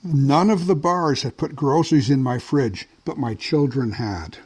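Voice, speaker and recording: A man's voice: mid-range voice, measured pace, darkish tone, breathy edge. An older man from Canada co-hosting a casual podcast chat, telling anecdotes with a chuckle. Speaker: podcast co-host, whisky writer.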